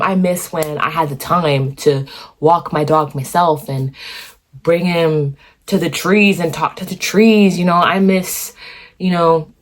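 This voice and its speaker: A young woman vlogging from her room at home, talking straight into her phone camera. Her voice sits a bit on the low side, and she sounds lively and encouraging. She keeps up a chatty pep talk, checking in with the listener as she goes. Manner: animated, encouraging, chatty with "you know" and "okay". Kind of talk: casual motivational talk to camera.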